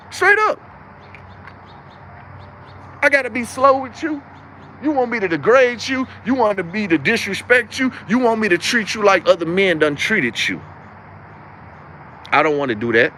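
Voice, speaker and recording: A young man with a high-pitched voice delivers a preachy livestream monologue. He hammers his points home with emphatic, repetitive phrasing. He talks the whole time as the live-stream host. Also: lively intonation, normal speed, bright, forceful tone, a little hiss or hum.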